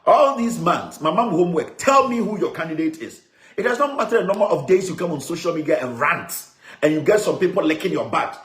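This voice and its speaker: A Ghanaian-accented man rants with emphatic, combative force, hammering the same points again and again. His voice sits a touch high for a man. The sound bounces around a roomy, echoey space. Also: animated, fairly quick, fairly bright tone. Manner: mixes in Akan phrases. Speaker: media CEO and commentator. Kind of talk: political monologue.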